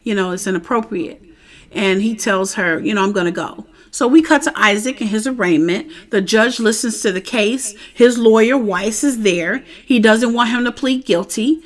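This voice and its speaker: A woman's voice: fairly high pitch, moderate pace, hardly any pauses. Chatty woman recapping a TV episode. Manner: chatty, animated, keeps asking "you know what I'm saying?". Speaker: TV show reviewer.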